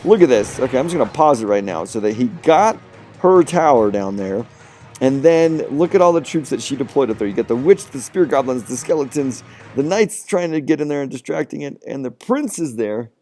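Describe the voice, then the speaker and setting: A young man talking through replays of his mobile game matches, a casual commentator who gets excited over close plays and trails off quietly. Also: medium pitch, fairly quick, faint music behind. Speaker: gaming video host.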